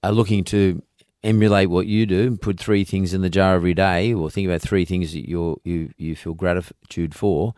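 A man's voice: deep voice, fairly even intonation, moderate pace, few pauses, darkish tone, no echo, studio quality. A middle-aged Australian man hosting a podcast in casual interview chat, emphatic and folksy, often repeating himself as he makes a point. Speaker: podcast host.

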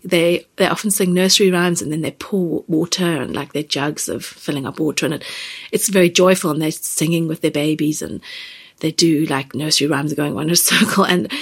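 A woman in her thirties or forties hosting a podcast, speaking gently and haltingly about personal feelings, close to tears. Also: fairly low pitch, creaky, slightly rough. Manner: gentle, halting, many fillers and restarts. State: near tears. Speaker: podcast host. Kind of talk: reflective personal podcast talk.

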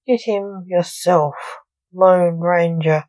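A woman's voice: lowish voice, steady tone, slow, darkish tone, rough recording. A woman reading as an irritable male necromancer. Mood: mocking. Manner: snappish, defiant.

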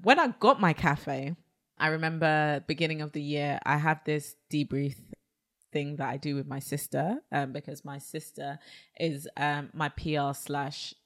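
Low-voiced animated woman. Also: measured pace. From South London. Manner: animated storyteller, acts out quotes, exclaims. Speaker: baker and cafe owner, guest. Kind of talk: casual interview chat.

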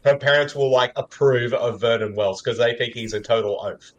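A man's voice: mid-range voice, moderate pace, lo-fi sound. A man with an Australian accent co-hosting a casual movie commentary, rambling through the plot with lots of fillers. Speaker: podcast co-host.

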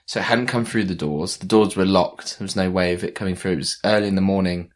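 A man's voice: low voice, fairly even intonation, fast. A young man chatting casually, telling a long story with many fillers and restarts. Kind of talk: casual chat.

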